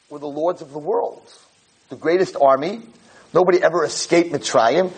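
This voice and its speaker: A man teaching a Torah lesson through animated storytelling, repeating phrases for emphasis. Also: a little high, normal speed, slightly rough, rough recording.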